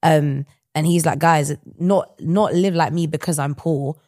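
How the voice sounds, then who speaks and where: A podcast co-host in a casual Bible study chat, lively and slangy, speaking enthusiastically about scripture. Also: mid-range voice, a little slow, no room sound, studio quality.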